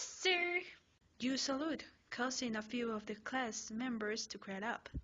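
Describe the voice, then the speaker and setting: A woman's voice: fairly high pitch, fairly bright tone. A woman narrating a second-person fanfiction story, reading plainly with small stumbles. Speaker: fanfiction reader. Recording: slightly muffled home recording with faint hiss.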